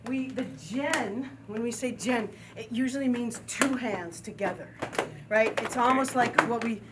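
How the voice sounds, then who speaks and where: A woman teaching a group drum and dance class, counting steps, chanting rhythm syllables and encouraging her students. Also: on the high side. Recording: distant mic with loud noise.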